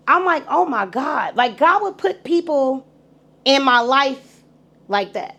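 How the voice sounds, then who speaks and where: Animated, profane storytelling woman. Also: sits high, takes it slowly. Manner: animated, profane, acts out voices in her story. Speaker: guest. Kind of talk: casual storytelling on a podcast.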